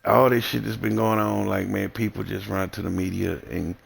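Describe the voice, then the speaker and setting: A Southern American man talks in a low, gravelly voice, bluntly and in a rambling way. He swears freely through a casual livestream rant. Soft music plays faintly behind him. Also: fairly even intonation, normal speed. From Southern United States. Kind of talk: casual ranting monologue.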